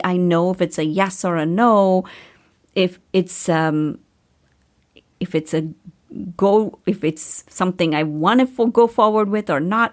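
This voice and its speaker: A middle-aged woman, a podcast host and coach, telling a personal story in a chatty, animated way and laughing often. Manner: chatty, animated, laughs often, pitch jumps up when excited.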